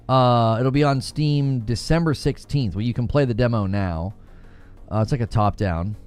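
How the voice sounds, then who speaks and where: Over soft background music, a man with a darkish, medium-pitched voice hosts a casual gaming livestream at normal speed. He jokes around, laughs a lot, and answers his chat.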